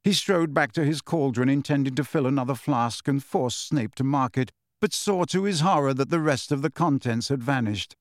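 A man narrates a novel as a scripted audiobook, at a mid pitch and an even, measured pace. The recording is dry, with no room sound. He sounds like a storyteller reading steadily. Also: no echo.

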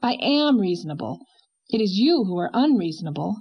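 A spirited young wife, passionate and protective, pressing her case with vehemence, as a woman reads her lines. The voice is slightly husky and climbs higher as she pleads. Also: sing-song, brisk, lo-fi sound. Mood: vehement.

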